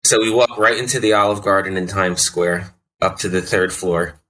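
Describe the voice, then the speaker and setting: A man in his forties hosting a podcast, chatting casually and tossing in jokes and quick asides. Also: low-pitched, fairly even intonation, fairly bright tone. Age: 40s. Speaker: podcast host. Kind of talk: casual chat.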